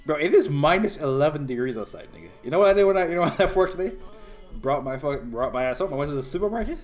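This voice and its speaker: A man's voice: on the high side, sing-song, very fast, faint music behind. A young man co-hosting a podcast in loose casual chat, swearing freely and laughing often. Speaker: podcast co-host.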